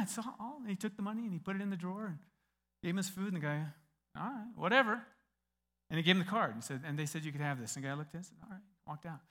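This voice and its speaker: A middle-aged American man preaching a sermon, telling a story with lively acted-out quotes. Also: a little high. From United States. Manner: animated storyteller, acts out quoted voices. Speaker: pastor.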